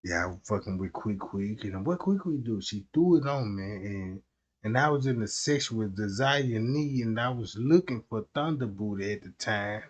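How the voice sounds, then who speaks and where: Man doing a low, hushed confessing guy. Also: animated, moderate pace. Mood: confiding.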